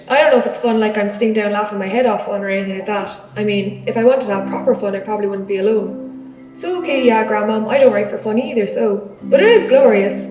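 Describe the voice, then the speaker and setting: A woman with an Irish accent giving a live spoken-word performance in an art gallery, in a measured, rhythmic, theatrical delivery. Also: medium pitch. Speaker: performance artist. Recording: echoey gallery, voice from far off, faint music.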